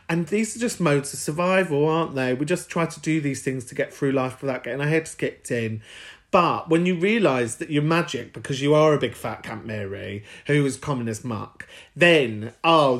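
A man hosting a podcast, chatty and camp with frequent giggles. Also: on the high side. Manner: camp, giggly, warm-hearted asides. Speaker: podcast host.

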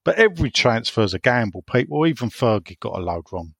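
A man's voice: mid-range voice, big pitch swings, a little fast, gravelly, no room sound. A chatty man hosts a football podcast, his voice rising and falling freely as he drifts into opinionated asides. The sound is close and dry, with no room around it. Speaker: podcast host reading listener messages. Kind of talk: casual football podcast chat.

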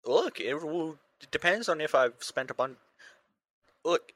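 A man's voice: a little high, lively intonation, measured pace, fairly bright tone, dry recording, poor audio. A young man co-hosting a podcast, joking and irreverent in casual chat. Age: young adult. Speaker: podcast co-host.

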